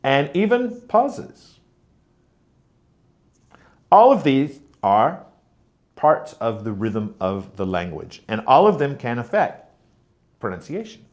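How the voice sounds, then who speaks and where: A man with a medium, sing-song voice speaks slowly and pauses often as he teaches pronunciation to trainees in his role as teacher trainer. He explains clearly, modelling stress patterns like mm-mm and overstressing example words.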